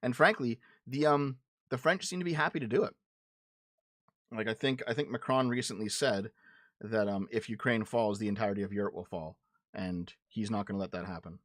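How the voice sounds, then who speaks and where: A man's voice: on the low side, brisk, a bit bright, dry recording, clean studio sound. A man hosting a livestream, arguing politics with his chat in a blunt, profane way and often restarting his words. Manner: repeats and restarts words when heated. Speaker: livestream show host. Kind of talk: casual political commentary answering chat.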